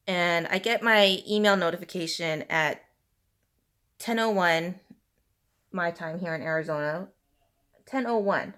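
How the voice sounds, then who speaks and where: A woman's voice: fairly low pitch, unhurried, long pauses. Woman venting while doing her makeup. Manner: animated venting, heavy use of fillers like "you know" and "like"; talks while applying makeup. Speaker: beauty vlogger. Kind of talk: casual ranting get-ready-with-me chat.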